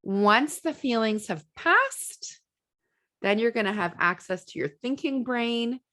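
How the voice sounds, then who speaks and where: A podcast host who coaches parents of kids with ADHD gives casual advice in a slightly high, slow voice. She's animated, full of fillers and restarts, and acts out venting voices.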